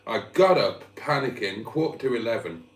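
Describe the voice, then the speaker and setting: Chatting casually on a live vlog from a room at home, a hungover man lisps and pokes fun at himself. His voice is medium in pitch with lively intonation and a normal pace. He's far from the mic, so the sound is roomy and off-mic.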